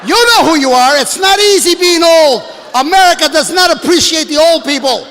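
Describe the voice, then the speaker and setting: A man in his sixties doing a stand-up comedy set, brashly working the crowd and shouting at the audience from a stage. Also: very high voice, animated, moderate pace. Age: 60s. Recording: live hall with long reverb, faint room noise.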